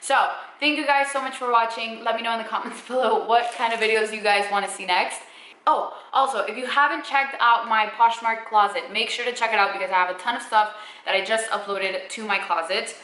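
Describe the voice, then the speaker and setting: Chatty bright-voiced young woman vlogger. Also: a little high, fairly even intonation, brisk, roomy sound, poor audio. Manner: chatty, filler-heavy, upbeat. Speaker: fashion vlogger. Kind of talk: casual try-on haul talk. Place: room at home. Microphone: camera mic.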